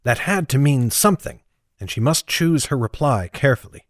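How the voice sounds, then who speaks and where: A man reading a fantasy novel aloud as audiobook narrator, in a steady, even storytelling manner. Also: medium pitch, moderate pace, no echo, studio quality. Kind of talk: scripted narration.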